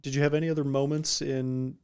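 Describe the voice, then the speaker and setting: A man's voice: mid-range voice, flat delivery, a little fast, darkish tone, clear, resonant tone. A man hosting a podcast, asking questions casually and reacting with enthusiasm. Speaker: podcast host. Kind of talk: casual interview.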